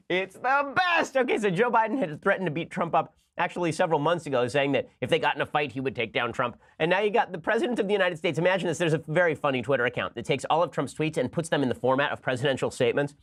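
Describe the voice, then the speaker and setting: A man talks quickly and sarcastically as a commentary host, swinging between mock seriousness and giddy delight. His voice sits a little high for a man, and he jumps up in pitch when he gets excited. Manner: rapid, sarcastic, animated, breaks into laughter. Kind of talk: casual comic commentary.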